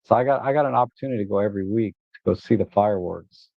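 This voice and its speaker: Racing along in a lowish, creaky voice, a man hosts a photography livestream, rambling through his shots with plenty of "uh" and restarted lines. He becomes animated and exasperated when griping and laughs now and then; the recording is dry and phone-like.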